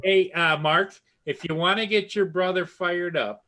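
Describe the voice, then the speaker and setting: A higher-pitched man with a bright, forceful tone, joining a loose group chat. He likes to needle the others. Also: steady tone, a little slow.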